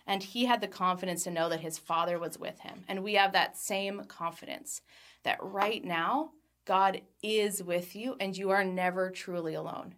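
The speaker, a woman in her thirties, has a fairly bright mid-range voice and is giving an earnest Christian devotional with scripture reading. Key phrases get a slower delivery, and she laughs lightly between thoughts.

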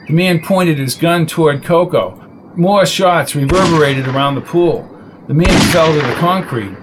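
A man reading a crime novel aloud in a steady storytelling voice. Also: a little high, moderate pace, noisy background. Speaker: narrator. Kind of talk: audiobook reading.

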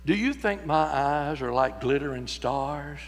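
A man's voice: fairly high pitch, expressive, measured pace. A preacher putting on a coaxing young ranch woman. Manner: fishing for compliments. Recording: long church reverb.

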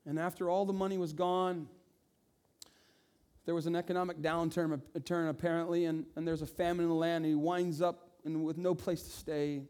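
A man in his forties preaching a sermon, telling stories in an animated way and voicing the people in them. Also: a little high, brisk, clear, resonant tone. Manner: animated storytelling with voiced asides. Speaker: pastor.

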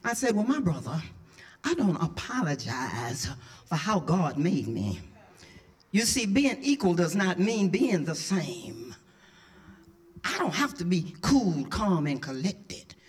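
Middle-aged woman pastor, slow and lively sermon, whispers building to shouts. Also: lowish voice. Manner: impassioned preaching, dropping to whispers then rising to shouts.

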